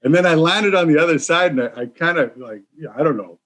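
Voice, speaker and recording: A man's voice: on the high side, expressive, fast talker, fairly bright tone. A man on a podcast telling a fight story in a rambling, self-mocking way, acting out what people said. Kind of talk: casual storytelling chat.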